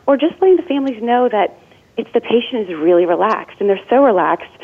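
A woman's voice: mid-range voice, husky. A woman in her forties, a death doula and former nurse, giving earnest, chatty interview answers full of "like"s. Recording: tinny phone-line sound.

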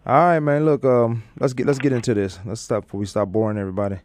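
A man's voice: mid-range voice, steady tone, fast, a little mellow. Easygoing male sports radio host. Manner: loose, joking, with many fillers and restarts. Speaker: sports talk show host. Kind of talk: casual sports radio chat.

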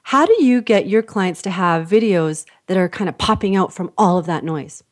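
A woman's voice: on the low side, lively intonation, normal speed. A woman from Canada hosting an interview, chatting casually, laughing often and acting out voices in her anecdotes. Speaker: podcast host, interviewer.

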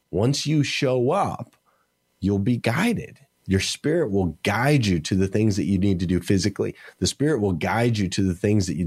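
A man's voice: lowish voice, darkish tone, husky. A middle-aged man speaking as an interview guest, earnest and emphatic, repeating phrases for effect. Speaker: morning show host. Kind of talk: motivational interview talk.

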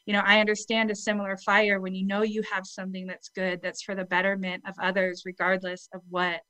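A woman's voice: medium pitch, monotone, a little fast, bright, forceful tone, smooth, dry recording, poor audio. A woman chatting as a guest over a video call, bubbly and laughing often. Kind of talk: casual chat.

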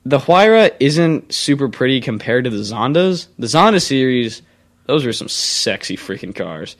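A man's voice: medium pitch, sing-song. Young guy rambling about cars, argues every point, talks pretty casual. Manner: opinionated, rambling, quick to argue. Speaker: co-host. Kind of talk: casual car chat on internet radio.

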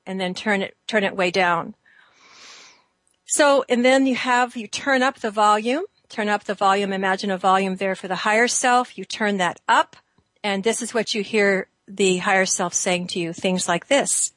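A woman with a mid-range voice leads a gentle guided exercise, drawing out her phrases in a soothing way. The sound is dry and close, with no room echo. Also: mid-range voice. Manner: slow, soothing guidance with drawn-out phrases. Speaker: host. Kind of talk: guided exercise on a talk show.

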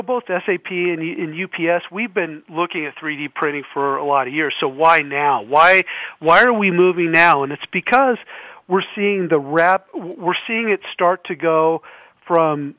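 A man's voice: fairly high pitch, normal speed, bright, forceful tone, no echo, dull audio. A man speaking earnestly as a panel guest. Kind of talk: panel discussion answer.

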